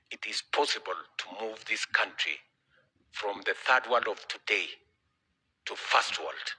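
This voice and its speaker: A man with a Kenyan accent addresses church leaders in a conference hall, speaking with emphatic repetition. His voice sits a little low and comes out husky yet intensely forceful and tense. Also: animated, unhurried, pauses often. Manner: emphatic, repeating key phrases. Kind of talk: public speech.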